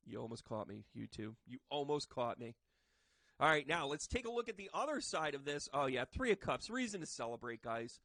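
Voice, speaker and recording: A man giving a casual tarot reading to camera, chatty and joking, with bursts of loud emphasis. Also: mid-range voice, big pitch swings, a little fast, dry recording. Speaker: tarot reader and medium. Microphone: microphone.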